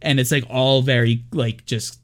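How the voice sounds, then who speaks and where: On a laid-back movie podcast, a male co-host with a medium-pitched, steady voice talks at a normal speed. He rambles, uses plenty of fillers, and now and then mocks the characters by doing voices for them.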